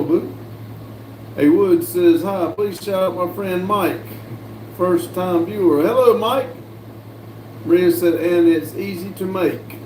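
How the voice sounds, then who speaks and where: Reading his chat in a slow drawl, this livestream host answers viewer comments casually and leans heavily on fillers. His voice sits high yet has a dark tone. Faint background noise and echo fill the room he records in.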